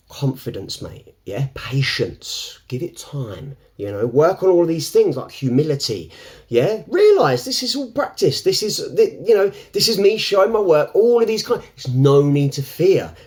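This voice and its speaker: A man talking to camera in an unscripted, reflective way. He rambles, restarts often and laughs between thoughts. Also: a little high. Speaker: self-help vlogger.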